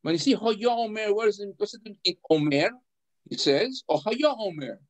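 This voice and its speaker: A man with a high voice leads an adult education class. He explains a text in a halting way, repeating words, putting questions to his students and chuckling between points. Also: expressive, rough recording. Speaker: rabbi teaching adult education.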